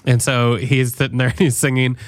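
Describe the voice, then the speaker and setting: A man chatting as a podcast guest, telling stories with animated delivery and casual swearing. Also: mid-range voice, fairly quick, no echo. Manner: animated storytelling, swears casually, laughs along. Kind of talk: casual chat.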